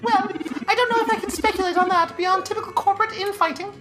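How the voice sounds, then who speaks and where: A woman's voice: very high voice, quick pace, heavy background noise. A woman reading the lines of a dry, teasing, motherly older woman scientist in a game. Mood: wry. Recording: game music playing underneath.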